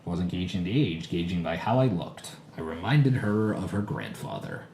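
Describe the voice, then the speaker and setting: A man in his thirties co-hosting a casual podcast, telling animated, self-mocking stories. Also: low voice, moderate pace. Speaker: podcast co-host. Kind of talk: casual chat. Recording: echoey room with faint background noise.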